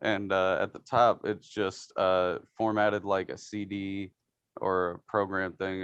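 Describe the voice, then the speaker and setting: A man's voice: low-pitched, flat delivery, a little slow, fairly bright tone, smooth, no room sound. A man co-hosting a podcast in a casual chat, describing memes, swearing freely and laughing as he talks. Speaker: podcast co-host.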